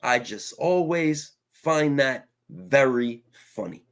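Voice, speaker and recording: A man's voice: medium pitch, lively intonation, slow pace. A man co-hosting a podcast, making knowing, wry remarks. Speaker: podcast co-host. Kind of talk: casual chat.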